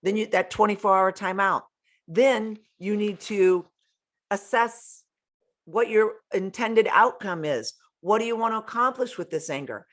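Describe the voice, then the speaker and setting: A woman's voice: mid-range voice, a little slow, a bit bright. Female self-help host: earnest and blunt, coaches listeners, swears offhand. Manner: earnest, frank, swears casually. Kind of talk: motivational self-help talk.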